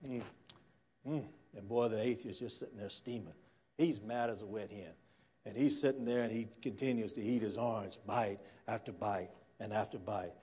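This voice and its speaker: A male preacher, delivering a church sermon as a folksy storyteller who swings from quiet murmurs to loud, fired-up preaching. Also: on the low side, moderate pace, husky. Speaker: guest pastor. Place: church sanctuary.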